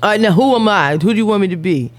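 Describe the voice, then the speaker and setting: A woman's voice: medium pitch, expressive, racing, a little hiss or hum. A woman rapper being interviewed, talking bluntly and jokingly in casual slang.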